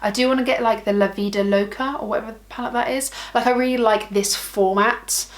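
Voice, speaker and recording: A woman's voice: a little high, steady tone, fairly quick. A woman beauty vlogger in a casual, bubbly chat who gushes about products and jokes at her own expense. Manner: gushing, bubbly, self-mocking.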